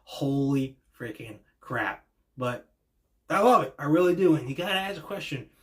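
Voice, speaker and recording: A man hosting a wrestling reaction show, talking in an excitable, slangy way that swings between hushed and loud. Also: on the high side, moderate pace. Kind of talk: casual reaction commentary.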